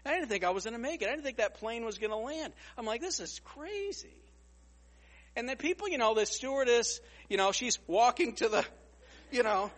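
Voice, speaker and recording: Male preacher, high and animated, storytelling delivery, stumbles and repeats words. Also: normal speed, big-room sound. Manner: animated, repeats words, acts out other people's lines. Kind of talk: storytelling sermon.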